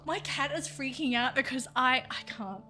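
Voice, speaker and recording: A woman hosting a game video, talking excitably and gushing to her viewers. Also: sits high, normal speed. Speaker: VTuber game video host.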